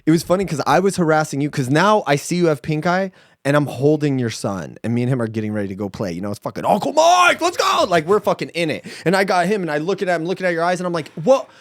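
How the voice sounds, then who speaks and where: An animated man in his thirties, chatting on a casual podcast and jumping into high, excited voices whenever he acts out what people said. His voice sits a little high for a man, recorded close and dry with no room sound. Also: fast talker, no echo. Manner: animated storyteller, acts out quotes with pitch jumps and swearing. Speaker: podcast co-host. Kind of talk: casual chat.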